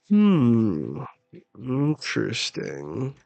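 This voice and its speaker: A man hosting a live manga chapter reaction, who talks in an unhurried, hesitant way with many filler words. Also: on the low side, no room sound, soft background music.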